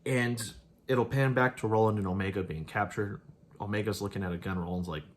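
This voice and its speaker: Reviewing an episode, this host talks in a fairly low, steady voice at a brisk clip. He rambles, laughs a lot, and tosses off loose quotes from the characters as he recaps.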